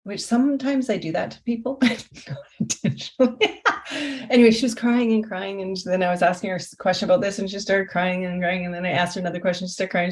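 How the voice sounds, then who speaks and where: A woman's voice: medium pitch, steady tone, fast talker. A woman life coach talking through her work in an interview, reflective, often posing rhetorical questions. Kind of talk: conversational interview.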